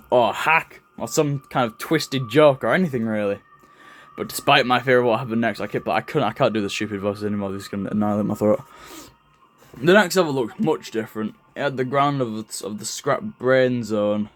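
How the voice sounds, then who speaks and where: A man's voice: fairly low pitch, normal speed, a bit bright. A young man reading a horror story aloud in a casual, jokey way, often stumbling over words and laughing at his own slips. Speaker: creepypasta reader.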